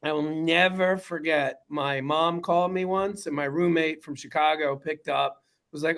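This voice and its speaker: Man, New York accent, high-pitched, animated storyteller, video-call guest. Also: normal speed. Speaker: guest, documentary director. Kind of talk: casual video-call interview.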